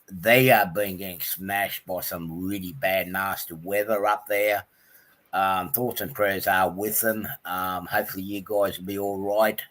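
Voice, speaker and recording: A man's voice: lowish voice, sharp tone. An Australian man hosting a casual livestream, chatting loosely and greeting viewers one by one with lots of ums. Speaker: livestream host.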